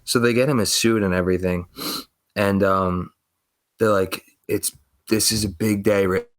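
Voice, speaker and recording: A man's voice: on the low side, fairly even intonation, moderate pace. A young man on a casual podcast, telling a long rambling story full of swearing and acted-out quotes. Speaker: podcast co-host.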